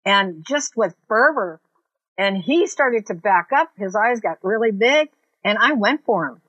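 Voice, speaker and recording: A woman's voice: mid-range voice, lively intonation, normal speed, fairly bright tone, breathy edge, no room sound. Woman telling her story, dull dry sound. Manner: earnest, vivid retelling with many fillers. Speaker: interviewee recounting an assault. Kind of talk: personal storytelling.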